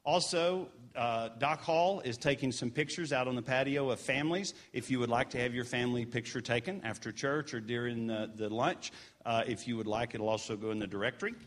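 A man's voice: medium pitch, brisk. A man giving casual church announcements during a service in a sanctuary, earnest and encouraging with chatty asides.

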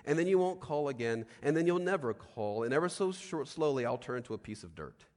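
A man's voice: medium pitch, animated, brisk, darkish tone, close to an everyday voice. Man doing insecure young woman, anxious rambling, long hall reverb.

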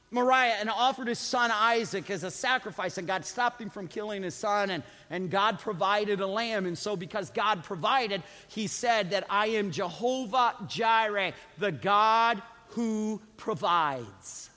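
A man preaching a sermon as a pastor, calling on the congregation to repeat after him and swinging from quiet asides to shouted emphasis. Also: high-pitched, normal speed. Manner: preaching with call-and-response to the congregation. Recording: long reverb of a large hall.

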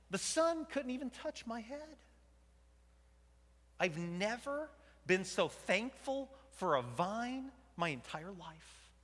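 A man playing Jonah, a conflicted and angry prophet, in a dramatic first-person sermon. His delivery swings between loud outbursts and hushed whispers. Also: high-pitched, full character voice. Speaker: preacher in dramatic monologue. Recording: long hall reverb.

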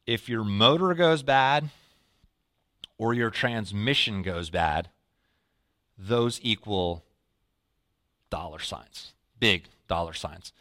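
A man giving a sermon in a relaxed storytelling way, his voice bright and forward. He sometimes sinks low and soft to act out his own reactions. The sound is close and dry, with no room echo. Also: takes it slowly, pauses often. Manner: storytelling, drops to a low quiet voice when quoting himself. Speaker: pastor.

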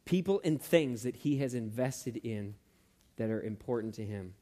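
A man preaching a sermon who tells stories in an animated way, with many fillers and restarts. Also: medium pitch, normal speed.

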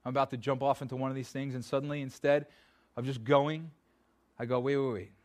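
Pastor, male, mid-pitched, conversational sermon delivery that moves between soft pleading and upbeat urging. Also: flat delivery, a little fast. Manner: conversational preaching, dropping to soft pleading then rising. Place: church.

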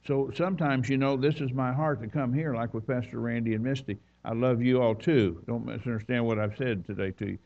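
Guy preaching a sermon, folksy stories and scripture reading, mid pitch, kinda muffled recording. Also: fairly even intonation, a little fast, gravelly, hardly any pauses. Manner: folksy storytelling, reads scripture aloud. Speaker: visiting preacher.

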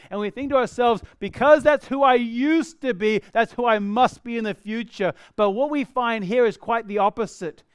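A pastor, a man in his thirties, preaching a sermon with animated swings between loud exclamations and soft, hushed asides. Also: high-pitched, clean tone, no echo, studio quality.

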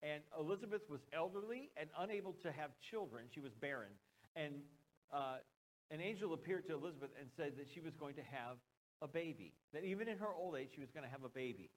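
A man's voice: on the high side, animated, fast, rough recording. A man with an American accent preaching a sermon as a pastor, conversational, with joking asides and questions to the congregation.

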